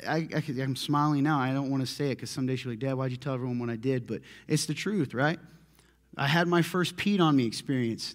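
A male pastor giving a relaxed, conversational sermon. He tells stories with animation and pokes fun at himself, laughing often. His voice sits a little higher than most men's. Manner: animated storytelling, self-deprecating, laughs often.

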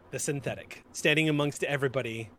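A man, as game master, narrating a tabletop roleplaying game in a descriptive, unhurried way. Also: mid-range voice, pushed and bright.

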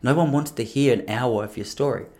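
Guy putting on a low quiet tough-guy bro voice, blunt and dismissive. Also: a little fast, lightly acted. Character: blunt laid-back male mate, tough-guy drawl.

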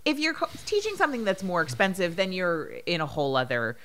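Podcast co-host, woman, 30s, slightly low voice, casual and animated storyteller. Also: fast. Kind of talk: casual chat.

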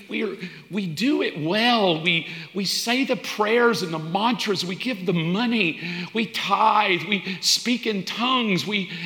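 A man preaching a sermon as pastor, building repeated appeals and sometimes dropping to a hushed whisper. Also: high voice. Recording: echoey hall.

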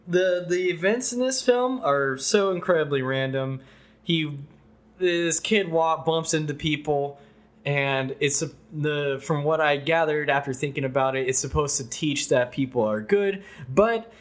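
Profane ranting man reviewing a film. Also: a little high. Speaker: podcast co-host. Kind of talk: casual movie review chat.

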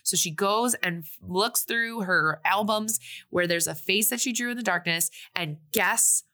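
Bright-voiced woman recapping a movie. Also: mid-range voice, unhurried. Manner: animated, acts out characters' lines in big voices. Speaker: podcast co-host recapping a movie. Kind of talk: casual chat.

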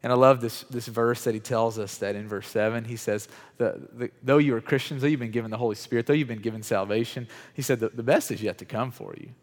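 A man giving a sermon in a conversational way, calling on people in the room by name and building louder on key points. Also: medium pitch, quick pace, few pauses. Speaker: pastor. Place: church hall with chairs. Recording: reverberant hall, at times off mic.

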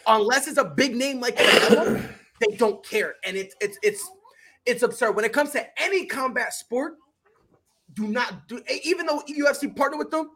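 A man's voice: very high-pitched, moderate pace, sharp tone. A man co-hosting a casual sports chat, boisterous and emphatic, making bold hyped predictions. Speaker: podcast co-host.

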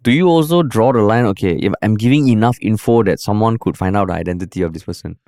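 A man's voice: lowish voice, fast, darkish tone, dry recording, clean studio sound. A man with a Singaporean English accent, a podcast host who asks his guest probing questions and fills in with short agreements. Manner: probing questions, frequent backchannel. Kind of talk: casual podcast chat.

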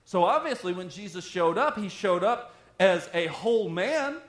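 Conversational preacher in an echoey room. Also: male voice, high-pitched, lively intonation, moderate pace. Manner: conversational, drops to a hushed voice for dramatic passages. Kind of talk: sermon.

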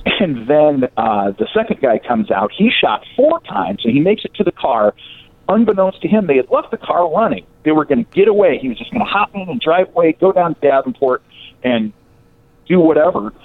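Male storyteller, lively swooping delivery, slightly high voice, tinny phone-like dry sound. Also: moderate pace, creaky. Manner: animated, acts out quoted voices. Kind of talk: casual storytelling of local history.

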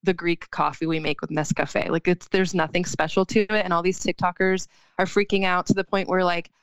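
A woman's voice: fairly low pitch, little pitch movement, clean tone, dry recording. A young adult woman chatting casually as a podcast guest, filling her talk with "like" and laughing easily. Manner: chatty, heavy use of "like", quick to laugh. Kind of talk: casual chat.

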